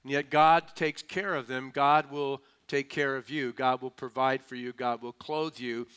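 A man's voice: mid-range voice, fairly even intonation, a little slow, a bit bright, clean tone. A male pastor preaching a sermon in an emphatic, folksy, humorous way, prompting the congregation to answer. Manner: emphatic, calls for audience responses.

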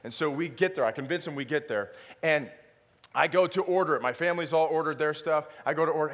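A male pastor telling a self-deprecating story in a sermon, animated and swinging into loud exaggerated outbursts. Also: a little high, fast talker. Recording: long hall reverb.

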